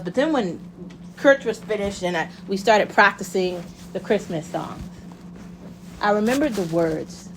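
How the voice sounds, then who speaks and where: A woman's voice: mid-range voice, expressive, a little slow, slight background noise. Impassioned woman ranting casually. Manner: impassioned, swears freely, rhetorical questions. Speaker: vlogger. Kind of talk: casual monologue.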